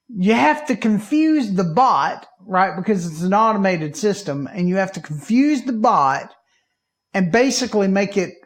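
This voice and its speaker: A man from Alabama, co-hosting a podcast and telling a story in a lively way, acting out his own panicked reactions. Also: sits high. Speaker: podcast co-host. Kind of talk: casual chat.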